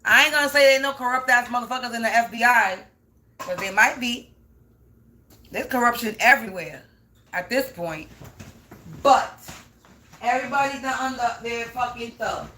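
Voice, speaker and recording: A woman's voice: a little high, moderate pace, long pauses, bright, forceful tone, a little hiss or hum. A woman spiritual reader talking to camera in an unscripted, profane rant, stressing points by repeating them. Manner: profane, emphatic, repeats herself. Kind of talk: unscripted ranting monologue.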